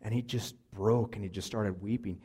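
A man's voice: fairly low pitch, fairly even intonation, moderate pace, warm tone, slightly rough. A man preaching a sermon, telling a personal story in an earnest, conversational way with fillers and restarts. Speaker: pastor.

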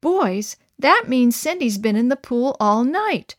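Brief: woman reading a busy mom in a children's story, brisk and firm, a touch higher, dry close sound. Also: very animated, dry recording, exaggerated voice. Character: busy mother scolding her two boys.

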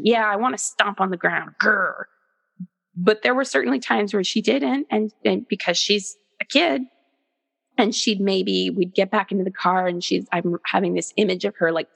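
A woman in her thirties or forties, speaking as an interview guest in an earnest, animated way. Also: medium pitch, gravelly, big-room sound. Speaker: guest, author. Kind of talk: conversational interview.

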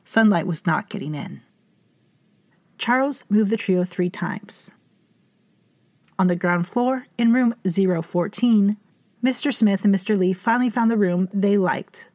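A woman narrating a story in a measured, formal way with dry wit. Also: mid-range voice, darkish tone, no echo. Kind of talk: scripted fiction narration.

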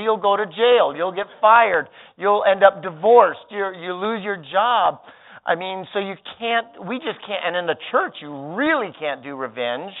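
A man who is a pastor, teaching a seminar in front of an audience and acting out quoted thoughts, swinging from loud outbursts to hushed words. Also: fairly high pitch. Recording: tinny phone-like sound.

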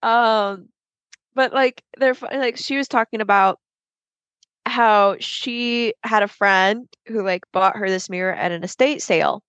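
A woman's voice: medium pitch, unhurried, fairly bright tone, dry recording. A woman co-hosting a podcast, telling a ghost story in casual chat, rambling with lots of fillers and swearing freely. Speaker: podcast co-host. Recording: dull lo-fi dry sound.

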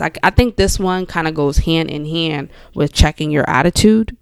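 A woman's voice: low-pitched, normal speed, few pauses, clean tone, dry recording. Young woman hosting a self-help podcast, coaching you casual style, lots of "you know", dry room. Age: young adult. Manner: conversational, coaching the listener directly with frequent "you know". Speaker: podcast host. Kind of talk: motivational self-help talk.

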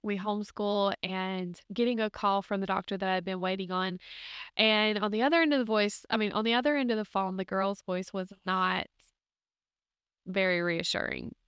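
A woman tells a deeply personal faith story on her podcast, speaking earnestly and emotionally in a loose, conversational way. Her voice is smooth and clear at a middle pitch. The recording is dry and close. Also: moderate pace, a bit bright, dry recording. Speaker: podcast host.

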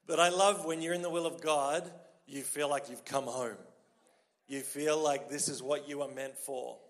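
Australian man, pastor, sermon, slightly high voice, joking conversational delivery, long hall reverb. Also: normal speed. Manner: lively, joking, conversational preaching.

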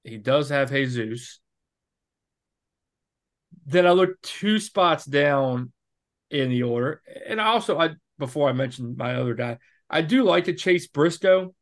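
A man's voice: fairly high pitch, lively intonation, a little slow, pauses often. A man in his thirties co-hosting a podcast, talking through sports bets in a rambling, self-correcting way. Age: 30s. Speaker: podcast co-host. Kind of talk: casual sports betting chat.

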